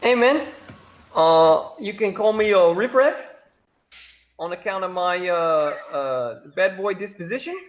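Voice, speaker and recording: A man voicing a cocky rogue with a bad-boy swagger who introduces himself in a laid-back, halting way. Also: sits high, lively intonation, dull audio. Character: cocky young male rogue, boastful.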